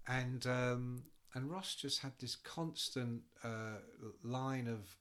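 A man's voice: mid-range voice, slow, fairly bright tone. A man telling rambling tour anecdotes in a casual chat, full of ums and swearing. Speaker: storyteller, former music industry worker.

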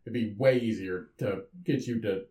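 A man's voice: on the low side, normal speed, roomy sound. A man co-hosting a podcast, chatting casually and joking, often restarting his sentences. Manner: joking, animated, restarts a lot. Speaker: podcast co-host. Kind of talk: casual chat.

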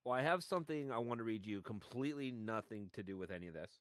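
A man's voice: fairly low pitch, lively intonation, quick pace, fairly bright tone, no echo. Easygoing laughing man, dry mic. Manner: laughs easily, loose and profane. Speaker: podcast co-host. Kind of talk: casual chat.

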